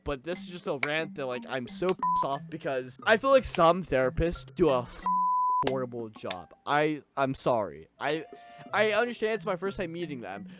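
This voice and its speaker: A man's voice: sits high, a bit bright. A young man doing an angry personal rant as a streamer, agitated and swearing, stumbling over his words as he talks to a desk mic. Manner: agitated, swearing, restarts and stammers.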